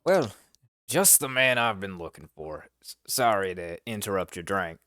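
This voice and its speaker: A man's voice: low-pitched, expressive, moderate pace, a bit bright. A man playing a character in a tabletop game, casual and swearing freely. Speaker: player.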